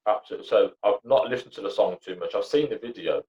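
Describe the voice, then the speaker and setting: Young man, podcast guest, blunt and rambling, lowish voice, lo-fi recording. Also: fast, a little mellow. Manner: blunt and sweary, rambling with many fillers. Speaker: podcast guest, comedy actor and writer. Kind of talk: casual chat. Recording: dull lo-fi sound.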